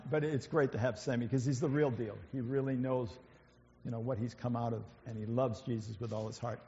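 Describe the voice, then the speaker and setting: A man's voice: mid-range voice, darkish tone. A man speaking from the front of a church, his talk loose and conversational, full of ums and false starts. His voice carries a long reverb through a large hall, and the recording is dull and muffled. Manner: conversational, hesitant, many fillers and restarts. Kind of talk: informal sermon with slides.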